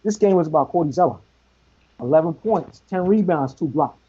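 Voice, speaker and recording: A man talking sports on a podcast with emphatic, repetitive points. His voice is dark and husky. The audio is dull and lo-fi. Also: fairly high pitch, animated, brisk. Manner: emphatic, repeats himself. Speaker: podcast co-host. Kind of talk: casual sports talk.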